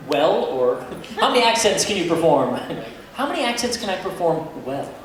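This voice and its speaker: Laughing voice actor in an echoey hall. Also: male voice, a little high, sing-song, moderate pace. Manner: laughing often, chatty storytelling. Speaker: guest voice actor. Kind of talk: convention panel Q&A. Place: convention hall. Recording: echoey hall from far off, crowd ambience.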